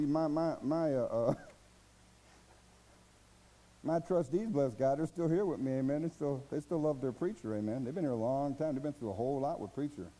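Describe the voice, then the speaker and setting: A man preaching a sermon as pastor, in a folksy, colloquial way, dropping to low murmurs and then rising to loud, high bursts. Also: low-quality recording.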